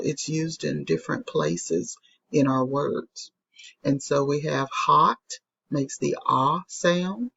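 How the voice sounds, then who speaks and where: Slow, gravelly woman teaching phonics. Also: low voice, highs cut off. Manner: patient, sounds out letters slowly and repeats them. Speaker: elementary school teacher. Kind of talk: recorded phonics lesson for young children.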